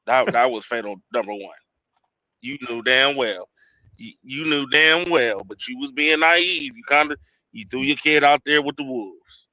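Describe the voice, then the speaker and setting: Male panelist, bright forceful tone, halting stuttered speech, blunt. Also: mid-range voice, no room sound. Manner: halting, stutters and restarts, blunt street talk. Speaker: panel guest. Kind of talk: casual podcast debate.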